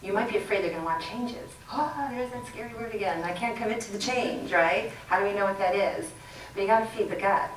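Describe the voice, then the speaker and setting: A middle-aged woman giving a leadership talk to an audience, chatty and quick to laugh. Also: mid-range voice. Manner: chatty, laughs often, plays with the crowd. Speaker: guest speaker. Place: lecture room with audience. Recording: roomy sound from a distant mic, faint background noise.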